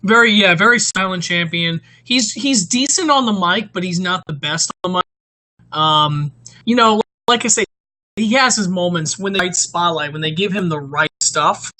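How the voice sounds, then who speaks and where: A man co-hosting a casual wrestling chat, quick and offhand with jokes. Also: sits high, bright, forceful tone, poor audio. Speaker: podcast co-host.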